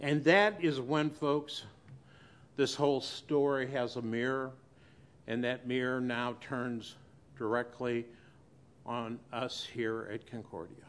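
Slow, pausing male preacher. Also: medium pitch, fairly even intonation. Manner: dramatic pauses, sharp swings between loud and hushed. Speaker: pastor. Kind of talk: sermon. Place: church.

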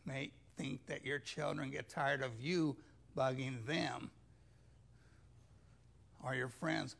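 Male pastor, unhurried conversational sermon, raspy fry in a high-set voice. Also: steady tone, fairly bright tone. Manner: conversational retelling of scripture, mimics pleading voices.

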